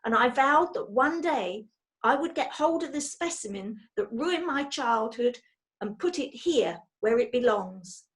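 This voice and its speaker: A woman's voice: on the high side, lively intonation. A woman doing a seething, snarling villainess. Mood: bitter. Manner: seething, snarling, slow menacing delivery. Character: bitter, vengeful adult woman taxidermist.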